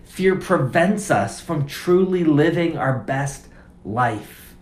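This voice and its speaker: A man's voice: a little high, expressive, takes it slowly. A man preaching a sermon as pastor, conversational and casual, driving points home through repeated phrases. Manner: conversational, emphatic repetition. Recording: roomy echo.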